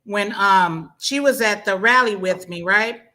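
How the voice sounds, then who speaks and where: Woman, bright tone, casual chat, emotional storytelling with restarts. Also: medium pitch, unhurried.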